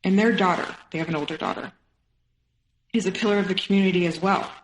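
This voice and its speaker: A woman's voice: fairly low pitch, reverberant, background noise. Emotional woman retelling her story. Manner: emotional, quotes others in rapid retelling. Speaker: podcast guest. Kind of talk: personal story interview.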